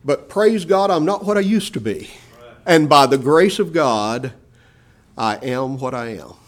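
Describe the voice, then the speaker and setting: A man preaching a sermon, addressing his listeners as "my beloved", moving between hushed low phrases and loud rising emphasis. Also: lively intonation, measured pace.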